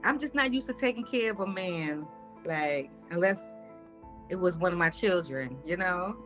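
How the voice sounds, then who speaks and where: A woman's voice: lowish voice, expressive, moderate pace, a bit bright, soft background music. Woman telling her story, hesitant and casual. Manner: conversational, hesitant, doubtful.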